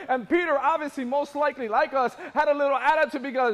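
A man preaching a sermon, building from quiet asides to shouted peaks and acting out the voices of biblical people in casual modern speech. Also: extremely high pitch, animated, fairly quick. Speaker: pastor.

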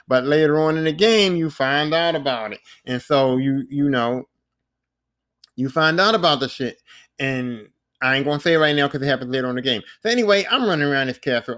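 A man hosting a podcast, recapping a video game in a casual, animated way, full of swearing and sound effects like bang and pop. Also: mid-range voice, fairly quick. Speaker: podcast host.

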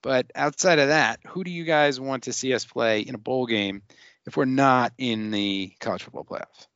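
A man hosting a casual sports podcast, reading out listener questions in an animated, joking way and restarting his sentences quickly. His voice is mid-pitched and sits close and dry on the mic. The sound is a little muffled. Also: clear, resonant tone, no room sound.

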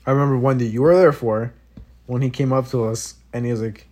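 Speaking a little fast at medium pitch, this man tells a funny story in casual chat, animated and laughing. He swears a lot and performs what people said.

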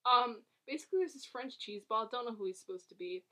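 A woman's voice: a little high, lively intonation, quick pace, bright, forceful tone. A woman casually recapping a movie plot for a co-host, rambling and giggling, with lots of fillers and restarts. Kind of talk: casual chat.

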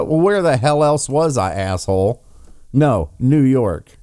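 A man's voice: mid-range voice, slow pace, warm tone. A man commenting on trial clips in a mocking, profane, sarcastic way. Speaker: political commentator.

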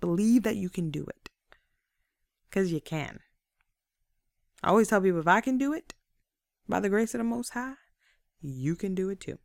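A woman host giving an energetic, preachy motivational talk straight to her listeners. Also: medium pitch, normal speed, vocal fry, long pauses, dry recording, clean studio sound.

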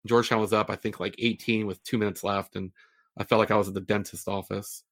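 A man hosting a podcast in casual sports chat, easygoing and quick to chuckle. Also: lowish voice, flat delivery, fairly bright tone. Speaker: podcast host.

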